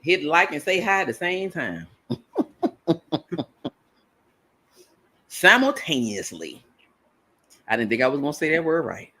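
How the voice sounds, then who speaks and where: A woman's voice: low-pitched, sing-song, slow pace, pauses often, bright, forceful tone. Playful lady on a livestream, voice bouncing all over, teasing her cohost. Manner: playful, teasing, repeats words for fun. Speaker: livestream co-host. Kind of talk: casual live chat.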